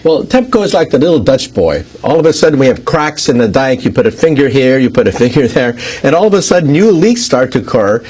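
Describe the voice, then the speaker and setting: A man's voice: medium pitch, very animated, brisk, few pauses, a little mellow, slightly rough. A man explaining a nuclear accident as an expert, building long everyday analogies step by step. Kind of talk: explanatory interview speech.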